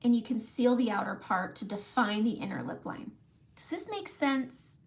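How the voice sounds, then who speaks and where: A chatty middle-aged woman hosts a relaxed makeup livestream from home, with a voice pitched a little high. She talks viewers through each step, greets them by name, and laughs easily. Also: moderate pace, gravelly. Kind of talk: casual live makeup tutorial.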